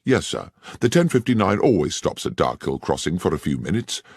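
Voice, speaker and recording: A man's voice: sits low, sing-song, brisk, creaky, a little mellow, husky, dry recording, studio quality, full character voice. A male narrator voicing a plain-spoken country railwayman who answers in a deferential, matter-of-fact way.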